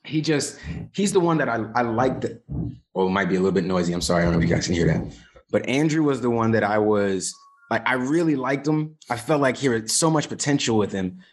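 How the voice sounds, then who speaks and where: A man in casual conversation, rambling in a relaxed, slangy way about a film actor he likes. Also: mid-range voice, brisk. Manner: rambling, laid-back, slangy. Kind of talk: casual movie discussion.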